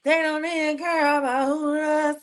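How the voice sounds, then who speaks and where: A woman's voice: high voice, flat delivery, moderate pace. A woman hosting a casual live stream, chatting playfully with viewers and repeating her phrases. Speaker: livestream host.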